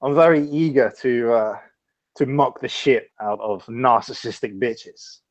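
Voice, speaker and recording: A man's voice: medium pitch, a little slow, highs cut off. A man appearing as a guest on a casual podcast, talking in a rambling, profane way and thinking aloud.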